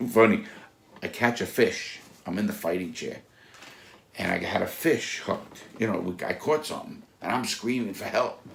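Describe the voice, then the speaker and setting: A man telling blunt, profane stories from his own past in a casual, animated way. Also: deep voice, gravelly, a little hiss or hum. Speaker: storyteller recounting his past. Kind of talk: casual spoken anecdote. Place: Florida.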